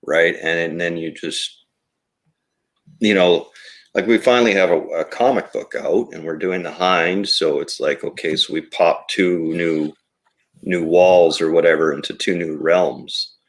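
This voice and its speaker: Low-pitched male toy maker, reflective and rambling, casual interview guest. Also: steady tone, unhurried. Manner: rambling and reflective, with many fillers. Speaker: toy company co-founder. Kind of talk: casual podcast conversation.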